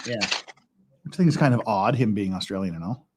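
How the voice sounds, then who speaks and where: A man's voice: on the low side, a little fast, slight background noise. A man hosting a casual livestream, rambling and chuckling as he builds Lego and counts pieces aloud. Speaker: stream host.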